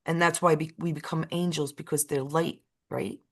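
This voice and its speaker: A woman's voice: deep voice, steady tone, moderate pace. A woman co-hosting a casual chat who tells a story with emotional repetition and an uneven pace. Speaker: co-host.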